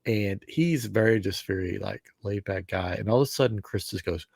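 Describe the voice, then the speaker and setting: A man's voice: fairly low pitch, normal speed, vocal fry, breathy edge, no room sound, studio quality. A man co-hosting a podcast in casual chat, telling stories and acting out the voices in them. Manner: animated storyteller, acts out voices in anecdotes. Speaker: podcast co-host.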